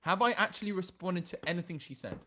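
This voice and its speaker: A man's voice: sits high, fast, sharp tone, a little hiss or hum. A man teaching a dating class, blunt and profane, often stumbling and restarting his sentences. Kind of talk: live online class, reading chat aloud.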